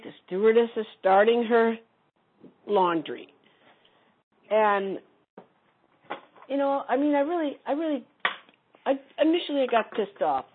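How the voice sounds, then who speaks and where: Woman, husky voice, rambling casual sharing, phone-like audio. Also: fairly high pitch. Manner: rambling, many restarts. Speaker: community call participant. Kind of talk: casual sharing in a group call.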